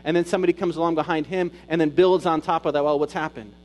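Pastor man preaching, higher voice. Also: steady tone, quick pace, poor audio. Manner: builds to loud emphatic peaks, drops to soft intimate retelling. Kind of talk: sermon.

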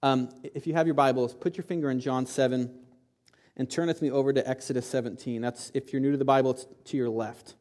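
A pastor preaching a sermon, often repeating and restarting words, building to loud peaks. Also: male voice, mid-range voice, fairly even intonation, fairly quick.

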